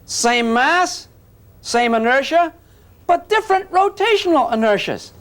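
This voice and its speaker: A man's voice: very high-pitched, expressive, a little slow, fairly bright tone. A man teaching physics to a class, joking and coaxing the students while he demonstrates. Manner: jokey, coaxing, calls students gang.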